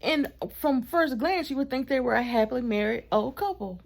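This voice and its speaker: A woman vlogger telling a storytime in a chatty, animated way, with asides to her partner off camera. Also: high-pitched, normal speed, gravelly. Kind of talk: casual storytime vlog.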